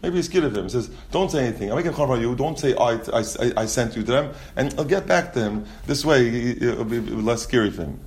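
A man's voice: medium pitch, a little fast, hardly any pauses, a little mellow. A man teaching a Talmud class. He reads the Aramaic text aloud and explains it in English, often restarting his sentences.

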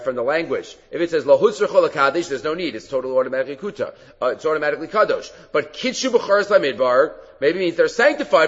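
A man giving a Talmud class lecture, animated and often halting to restart his phrases. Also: fairly high pitch. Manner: animated, acts out quoted rabbis in a raised voice; halting, with many fillers and restarts. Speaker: Talmud teacher. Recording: reverberant hall, dull lo-fi sound.

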